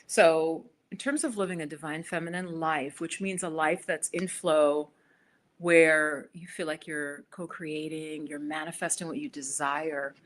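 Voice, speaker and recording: Low-voiced chatty American woman. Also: a bit bright, slight background noise. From United States. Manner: chatty, rambling, many restarts and fillers. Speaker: spiritual YouTuber. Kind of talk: casual livestream chat.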